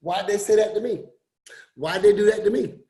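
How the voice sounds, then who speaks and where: Man, high-pitched voice, motivational coach, preachy, repeats lines, loud bursts then low drops. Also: moderate pace. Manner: preachy, repetitive, swings between loud emphasis and low drops. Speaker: forex coach and motivational speaker. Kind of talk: motivational talk to an online group.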